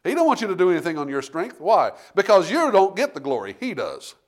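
Lively folksy preacher man. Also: high-pitched, fairly quick. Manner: folksy storytelling preacher, rising to forceful emphasis. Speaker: pastor. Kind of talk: sermon.

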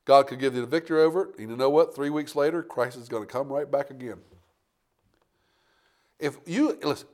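A man preaching a sermon from the pulpit, his voice sitting a little high for a man. He drops low and earnest, then climbs into loud, dramatic bursts, acting out quoted voices along the way. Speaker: pastor.

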